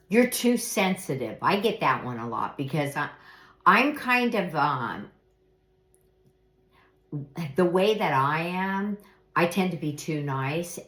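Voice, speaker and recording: A middle-aged woman giving earnest, reflective life advice in an unhurried monologue, now and then acting out example phrases. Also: low voice, a bit bright. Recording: echoey room.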